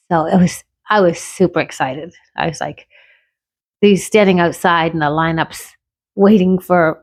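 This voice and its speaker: A woman's voice: on the low side, dry recording, studio quality. A woman from Canada telling a rambling personal story in a chatty, casual way, with many restarts.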